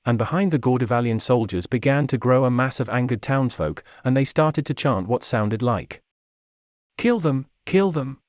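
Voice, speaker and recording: A man narrates a fantasy tale in a steady, measured reading voice. His pitch sits in the middle, and the recording is dry and close. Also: no room sound. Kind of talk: storybook narration.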